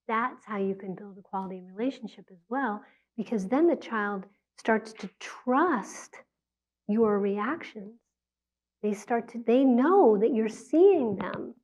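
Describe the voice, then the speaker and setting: A woman's voice: fairly high pitch, expressive, a little slow, a little mellow. A woman giving a conversational public talk on parenting, acting out quotes from parents and children. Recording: dull lo-fi sound.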